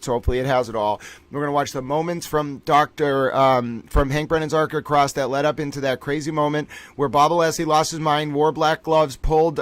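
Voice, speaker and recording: Male streamer host, higher-pitched voice, dry close sound, excitable and theatrical, trial-recap commentary. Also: no echo. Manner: animated, theatrical, keeps saying "ladies and gentlemen".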